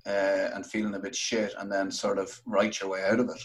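A man's voice: low voice, little pitch movement, fairly quick. A man with an Irish accent hosting a podcast, asking questions in casual chat, often stumbling and restarting. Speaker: podcast host.

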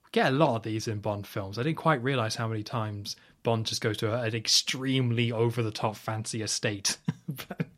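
A man's voice: lowish voice, fairly quick, a bit bright. A man hosting a podcast, casually retelling film scenes in a rambling, opinionated way. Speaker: podcast host. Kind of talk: casual film recap chat.

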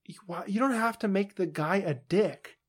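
Animated man ranting on a podcast. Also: high voice, moderate pace, slightly rough. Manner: animated ranting, acts out quotes in funny voices. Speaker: podcast co-host. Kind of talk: casual chat.

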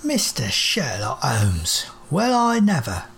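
A man's voice: slow pace, gravelly, a little hiss or hum, full character voice. A man voicing a scruffy, streetwise male courier robot with a swearing, cheeky manner. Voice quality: swearing, streetwise, high and lively. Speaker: one-man audio drama performer.

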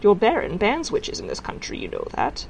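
A woman's voice: huge pitch swings, moderate pace, vocal fry, slight background noise, rough recording. A woman voicing a sly, theatrical witch in disguise who swoops up and down dramatically. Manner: dramatic, big swoops in pitch.

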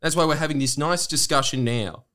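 A man's voice: on the high side, a little fast, sharp tone. A man in a casual podcast chat, making dry, joking remarks.

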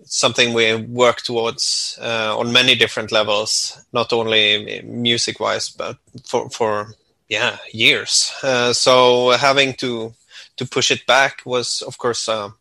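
A Norwegian man, a musician speaking English as a second language, answering thoughtfully and with many pauses and fillers. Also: mid-range voice, little pitch movement, gravelly, sharp tone, dry recording. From Norway. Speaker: musician guest. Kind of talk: interview answers.

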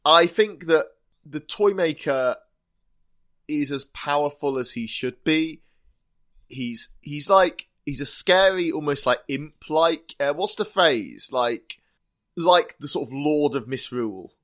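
A man co-hosting a podcast, chatting casually and enthusiastically with quick laughs. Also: a little high, expressive, fairly bright tone. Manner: enthusiastic, quick laughs, restarts mid-phrase. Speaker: podcast co-host. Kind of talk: casual chat reviewing a TV episode.

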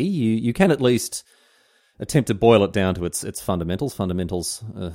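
A man's voice: fairly low pitch, a little mellow. An Australian man hosting a casual history podcast, explaining in a chatty way with mock-outraged asides and mild swearing.

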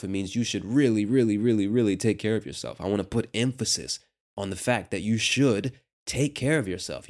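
An American man hosting a lesson, explaining a clip slowly and patiently with casual asides. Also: lowish voice, darkish tone. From United States. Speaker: host.

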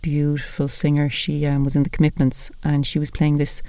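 A woman's voice: low-pitched, monotone, brisk, mellow, clear, resonant tone, no echo. Irish woman, podcast host, jokey rambling chat, dry close sound. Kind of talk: casual chat.

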